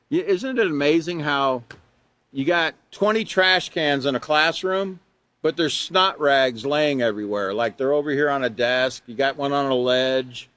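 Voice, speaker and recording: A man's voice: a little high, fairly bright tone, no echo. A man in his sixties giving a live online class lecture on character education, folksy and rambling with chuckles and asides, and emphatic when he stresses rules.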